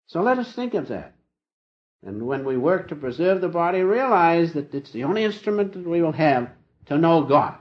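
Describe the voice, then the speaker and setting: An older man giving an informal spiritual talk, telling folksy little stories with gentle humor. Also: a little high, very animated, a little fast. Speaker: spiritual teacher. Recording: dull lo-fi old recording.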